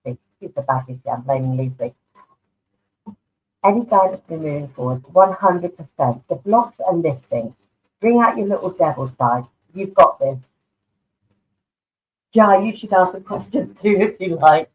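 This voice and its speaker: A woman's voice: fairly low pitch, animated, measured pace, pauses often. A woman giving live online tarot card readings, affectionate and chatty, calling people darling. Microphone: online video stream. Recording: tinny phone-like online audio.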